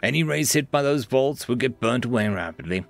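A man voicing an alarmed, clawed alien soldier who shouts in panic. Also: mid-range voice, expressive, a little fast, vocal fry, faint music behind.

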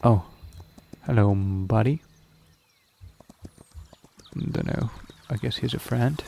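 A man talks slowly through a game he is playing, his voice gravelly with fry. He hesitates and fills gaps with ums, reading on-screen prompts aloud. The home recording carries clear background noise and chirping crickets. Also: on the low side, mellow. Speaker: gaming video creator. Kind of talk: casual let's-play commentary.

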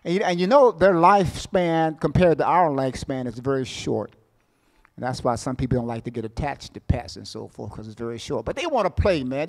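A middle-aged man preaching a sermon as pastor, repeating his phrases, calling out for amens and swinging between loud bursts and quiet asides. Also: mid-range voice, lively intonation, brisk, gravelly, in a large hall. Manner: call-and-response, asks the congregation for amens; repeats words and phrases for emphasis.

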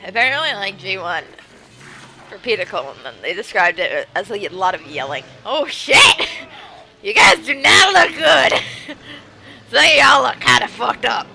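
High-pitched woman yelling reactions, super animated, swears a lot, faint music behind. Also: moderate pace, vocal fry, rough recording. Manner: loud, profane, laughing outbursts. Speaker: reaction video host. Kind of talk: casual reaction commentary.

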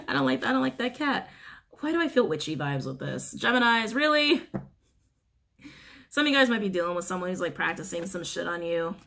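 A woman giving a casual, animated tarot reading to camera, often breaking into giggles and swearing freely. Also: medium pitch, normal speed, creaky, pauses often. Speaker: tarot reader.

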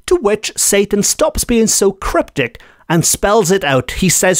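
A man who hosts a podcast, telling an old folk tale in an expressive way. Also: high voice, no room sound, clean studio sound. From Wales. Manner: expressive, unhurried storytelling. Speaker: podcast host.

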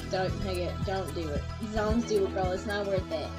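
A young woman streamer reacting live to videos, excitable and slangy, swearing often and shrieking in disgust, with music playing behind her. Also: mid-range voice, normal speed, poor audio.

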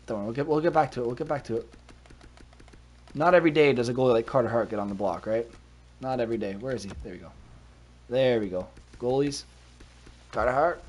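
A man in a casual live stream, chatty and quick to react, thinking out loud as he goes. He sounds like he is at a home setup, speaking at an everyday middle pitch into a covered desk mic. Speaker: streamer playing a hockey management game.

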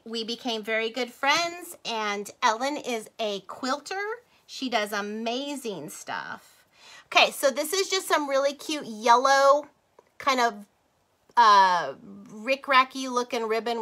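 A woman's voice: sits high, bright, forceful tone. A middle-aged woman chatting casually with livestream viewers while she crafts, rambling, laughing and drifting off topic. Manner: talks to viewers as "you guys" and "y'all".

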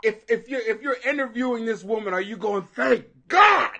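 Loud, high-voiced, profane man in his forties. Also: quick pace. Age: 40s. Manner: profane, loud, laughing, animated. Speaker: livestream host. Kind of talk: casual ranting commentary.

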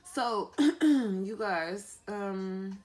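A woman's voice: medium pitch, very slow, a little mellow. A woman giving a casual tarot reading, playful and profane, often breaking into laughter. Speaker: tarot reader and life coach.

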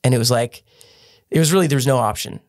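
A man's voice: mid-range voice, fast talker, a little mellow, no echo, clean studio sound. A man who was a gymnast, telling his story earnestly as a podcast guest and often restarting his sentences. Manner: earnest, with frequent restarts and fillers. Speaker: podcast guest, former gymnast turned business owner. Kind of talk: casual storytelling interview.

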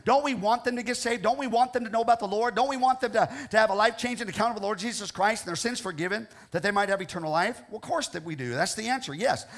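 A man's voice: high voice, fast talker, hardly any pauses, fairly bright tone. A man with a Midwestern American accent preaching a sermon as pastor, earnest and repetitive, often checking in with the congregation. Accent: Ohio, American Midwest. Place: church sanctuary.

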